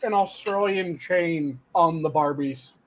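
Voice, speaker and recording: A man's voice: on the high side, slow pace, a bit bright. A man co-hosting a podcast, chatting casually and explaining bits of trivia he looked up. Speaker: podcast co-host. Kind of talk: casual chat.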